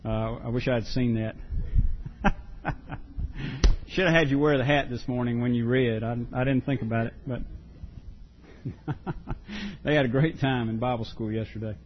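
A pastor preaching a sermon, earnest and emphatic, often repeating words for stress. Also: male voice, medium pitch, normal speed, pauses often, dull audio, a little hiss or hum.

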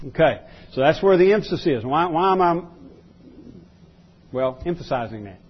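Guy preaching, kinda high husky voice, keeps restarting and repeating words, dull lo-fi sound. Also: lively intonation, normal speed, long pauses. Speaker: pastor. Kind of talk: sermon.

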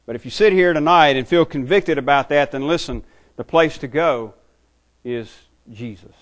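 A man's voice: a little high, normal speed. A man preaching a sermon as a pastor, earnest and often repeating words as he builds his points.

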